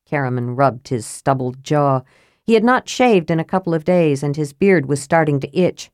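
A woman with a low voice narrates an audiobook in a steady, clear storytelling manner. The recording is close and dry, with no room sound behind her. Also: normal speed, no echo.

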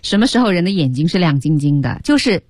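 A woman hosts a radio English lesson, dwelling on each key word. Her voice sits low and a little husky, yet moves a lot in pitch. The booth is dead dry. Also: very animated, darkish tone, no room sound. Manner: explains slowly, stretches key words. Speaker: language teacher.

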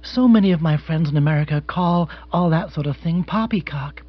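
A man's voice: a little high, brisk, no room sound, muffled recording, natural voice. A man reading an audiobook, voicing a wealthy American widow who talks in a gushing, earnest, genteel way.

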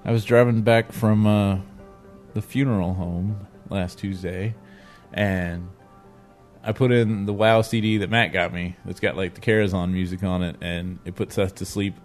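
A man's voice: low-pitched, fairly even intonation, normal speed, a little mellow, soft background music. A man co-hosting a casual gaming podcast, telling a story and reading a forum post in a laid-back way. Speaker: podcast co-host.

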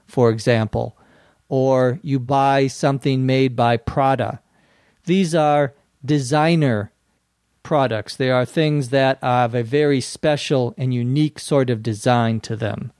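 A man's voice: mid-range voice, steady tone, unhurried, a little mellow, no room sound, clean studio sound. A man with a Minnesota accent hosting an English lesson podcast, patiently explaining words and spelling them out. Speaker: English teacher and podcast host.

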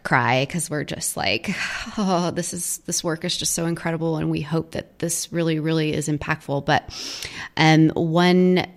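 A woman guest in a studio interview, telling stories about her charity event in a chatty way, full of fillers and quoted voices. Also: low voice. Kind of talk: casual storytelling interview.

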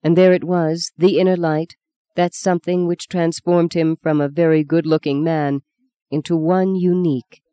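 A reader narrating an audiobook in a measured, even storytelling manner. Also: mid-range voice, clean tone, dry recording, studio quality.

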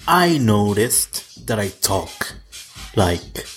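A man's voice: lowish voice, very animated, drawn-out words, soft background music. A man in his twenties giving casual pop-culture commentary in a sassy, campy way, swearing freely. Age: 20s. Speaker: vlogger.

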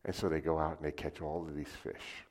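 A man preaching a sermon, telling lively stories and acting them out with sound effects. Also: a bass voice, brisk. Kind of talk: sermon with storytelling.

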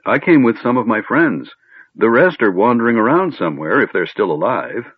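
A man voicing an eager, chatty male kender who tells tales excitedly and stammers at times. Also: mid-range voice, moderate pace, breathy edge, no echo. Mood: hopeful. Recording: tinny phone-like line, dry.

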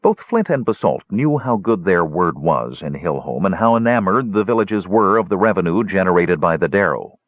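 A man with a low, husky voice narrates a fantasy audiobook, his pitch moving a lot as he tells the story. The recording sounds dull and bone-dry. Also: sing-song, normal speed, hardly any pauses, no room sound.

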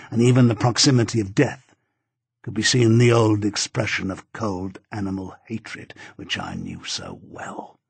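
A man narrating a novel as an audiobook in a measured, grave reading. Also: fairly low pitch, creaky, darkish tone, husky, dry recording.

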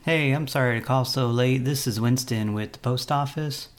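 A man making prank phone calls, taunting and teasing the people he calls in a calm voice. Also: medium pitch, normal speed. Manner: mocking, taunting, calmly teasing. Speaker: prank caller.

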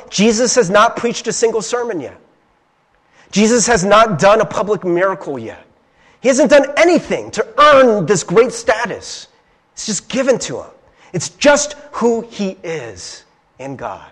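A young man from Ohio gives a conversational sermon in a high, lively voice that swings widely in pitch. He sounds earnest and confiding, often pausing to check in with a quick "right?". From Ohio, USA. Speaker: preacher.

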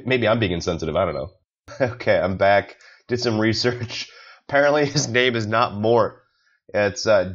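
A man's voice: fairly low pitch, muffled recording. A young man hosting a solo comedy podcast, rambling sarcastically and swearing often. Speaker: podcast host.

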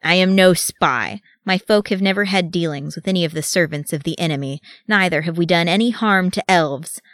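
A woman voicing a proud, angry male dwarf warrior who speaks loud and forceful in dialect, recorded dry and close. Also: on the low side, moderate pace, dry recording, lightly acted.

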